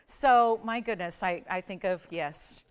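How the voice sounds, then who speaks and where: A middle-aged woman hosts live jewelry sales on a shopping channel from a TV studio, chatty and gushing in upbeat sales patter. Her mid-range voice is clean in tone and moves a little slowly.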